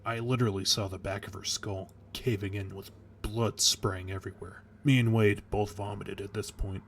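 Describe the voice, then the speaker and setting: A man's voice: lowish voice, little pitch movement, normal speed, creaky, slight background noise. A man narrating a horror story in a casual, crude way, with nervous restarts. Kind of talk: creepypasta storytelling.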